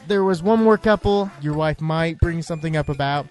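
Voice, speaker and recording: A man's voice: on the high side, a little fast, a little mellow, faint music behind. A man hosting a casual recap chat, rambling and joking with many fillers and restarts. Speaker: podcast host.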